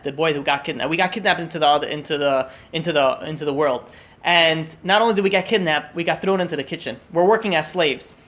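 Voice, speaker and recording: A man teaching through stories, talking fast and excitedly, acting out the quoted lines and often restarting his sentences. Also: sits high. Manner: animated, acts out quotes, many restarts. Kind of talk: storytelling lesson.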